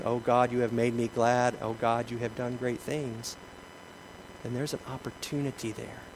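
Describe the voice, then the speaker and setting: A man preaching a sermon, shifting between lively emphasis, acted-out quotes and quiet asides. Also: mid-range voice, a little hiss or hum, low-quality recording. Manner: animated preaching, acts out quoted voices, drops to soft asides. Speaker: pastor.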